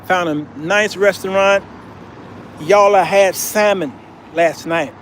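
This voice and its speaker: A man's voice: sits high, slow pace, fairly bright tone, slight background noise. An American man hosting a casual travel vlog, telling a story with laughter and calling his viewers "y'all.". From United States. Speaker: vlogger, show host.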